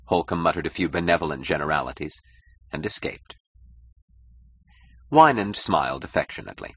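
A man reading a novel aloud as an audiobook narrator, in an expressive, measured way. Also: very deep voice, slightly rough.

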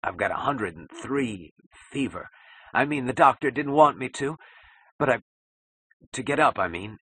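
A male narrator voicing a feverish, panicked male newspaper editor in a cracked, hoarse whisper. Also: mid-range voice, lively intonation, moderate pace, sharp tone, dry recording, pitched above the performer's own voice. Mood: pleading.

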